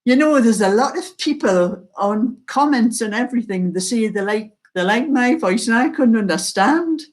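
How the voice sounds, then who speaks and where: An older woman with a mild Geordie accent, chatting slowly and casually to her viewers as host of a knitting channel, laughing often. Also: on the high side, lively intonation. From North East England.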